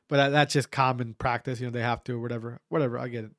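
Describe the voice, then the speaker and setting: A medium-pitched man talks very fast as he casually recounts an amateur bout he fought, animated and full of stammers and restarts, swearing freely and impersonating what others said. It's studio quality with no echo.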